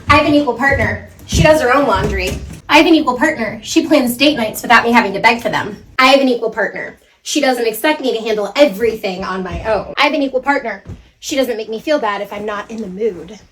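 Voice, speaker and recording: A woman with a bright, slightly high voice recites a short monologue. She returns again and again to the same refrain in a steady rhythm. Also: fairly quick, a little hiss or hum, low-quality recording.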